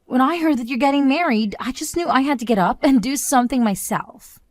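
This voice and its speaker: A woman's voice: sits high, brisk, darkish tone, no room sound, lightly acted. A woman voicing a smug scheming younger sister. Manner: smug, taunting. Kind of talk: narrated story drama.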